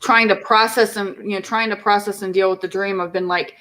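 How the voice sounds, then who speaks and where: A woman's voice: mid-range voice, steady tone, brisk, pushed and bright. A woman co-hosting a podcast, musing through a story in casual chat. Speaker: podcast co-host.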